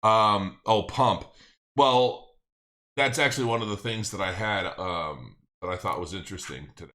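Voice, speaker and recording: A man's voice: fairly low pitch, normal speed, sharp tone. A middle-aged man hosting a casual livestream, rambling and thinking aloud as he reads viewer comments. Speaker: crypto channel host.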